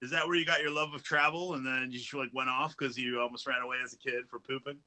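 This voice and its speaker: Very bright-voiced man from Wisconsin. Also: mid-range voice, steady tone, fast. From Wisconsin, USA. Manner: teasing, swearing. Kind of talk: casual banter.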